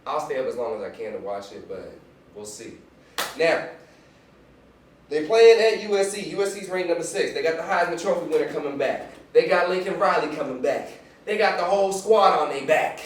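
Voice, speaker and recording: A man's voice: fairly high pitch, expressive, moderate pace. A young man hosting a casual sports picks show, hyped, slangy and joking, recorded from a distance in a room. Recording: echoey room, mic far off.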